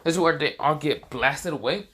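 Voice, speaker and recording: A man tells a fan-made story in a loose, rambling way. He keeps stopping himself with fillers and restarts. His voice is bright and forceful. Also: a little high, normal speed. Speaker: narrator. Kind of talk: casual fan story narration.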